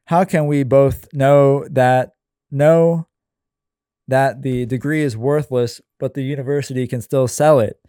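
A man reading his screenplay aloud in a deadpan, weary way with sarcastic asides. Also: mid-range voice, a little slow, dry recording, clean studio sound.

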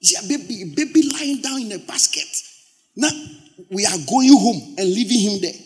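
A male pastor preaches in a high, lively voice. His pitch leaps around as he repeats words for emphasis. He drops from loud exclamations to hushed storytelling and back again. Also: moderate pace. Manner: swings from loud exclamations to low, quiet storytelling. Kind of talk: sermon.

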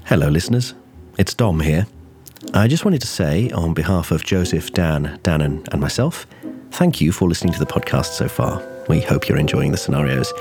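A man's voice: rumbling low, expressive, normal speed, a little mellow. A man hosting a podcast, reading credits and announcements in a polite, upbeat way. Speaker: podcast host. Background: music.

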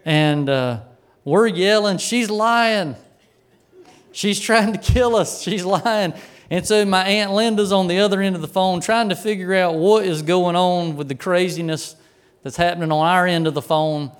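A middle-aged male pastor telling a childhood story in a sermon, folksy and animated, chuckling as he goes. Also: high-pitched, moderate pace, clean tone.

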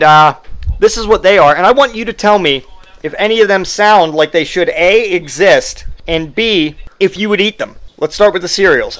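Podcast host, male, higher-pitched, sarcastic comedic riffing. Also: a bit bright. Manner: sarcastic, joking, mock-advertising voices. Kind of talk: casual comedic rant.

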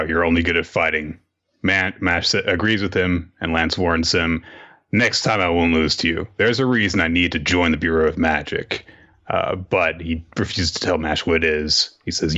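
A man casually recapping an anime episode on a podcast, rambling and dropping into quick quoted character voices. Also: deep voice, sharp tone, highs cut off. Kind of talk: casual chat.

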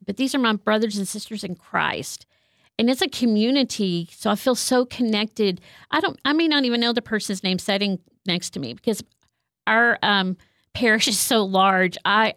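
A woman's voice: mid-range voice, fairly bright tone, no room sound, clean studio sound. A woman who works as a counselor, speaking in an earnest, heartfelt way about her faith. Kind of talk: reflective faith talk.

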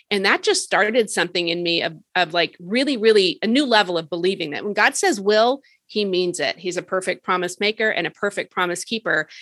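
Female podcast guest, bright voice, earnest and eager, dry sound. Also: on the low side, dry recording. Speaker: podcast guest, author and speaker. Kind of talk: casual faith podcast interview.

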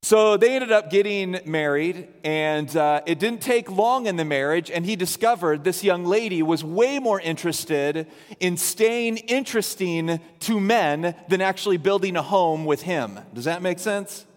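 A man's voice: high voice, a little slow, long reverb tail. A man preaching a sermon, telling a story and acting out the people in it in quoted voices. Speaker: pastor.

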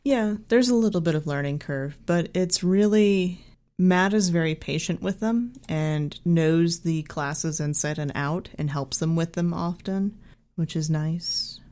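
A woman co-hosting a podcast, chatting in a relaxed, conversational and amused way. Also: on the low side, unhurried. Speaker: podcast co-host. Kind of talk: casual chat.

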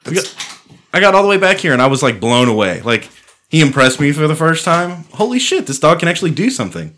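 A man's voice: on the high side, big pitch swings, quick pace, a bit bright, a little hiss or hum. A man chatting casually with friends, telling loose stories full of swearing and filler words. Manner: laid-back storyteller, swears freely, lots of "like". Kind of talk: casual chat.

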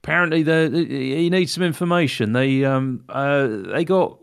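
Man, tabletop player, casual, unsure, mid pitch. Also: moderate pace, vocal fry, smooth. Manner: casual, unsure, searching for words. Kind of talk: casual tabletop game play.

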